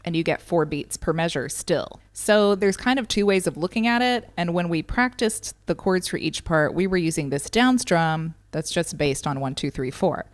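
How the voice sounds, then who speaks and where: A woman's voice: fairly low pitch, lively intonation, normal speed, few pauses. A woman teaching a ukulele lesson, patiently counting beats and calling out strum patterns. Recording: ukulele playing behind the voice.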